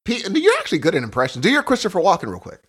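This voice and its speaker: A man co-hosting a podcast in casual chat, animated and prone to sudden high exclamations. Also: racing, breathy edge. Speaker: podcast co-host.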